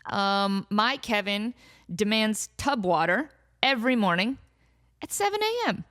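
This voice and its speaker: A woman hosting a casual comedy podcast, animated and laughing often as she riffs and quotes her cat. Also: mid-range voice, unhurried. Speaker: podcast host. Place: home in desert valley.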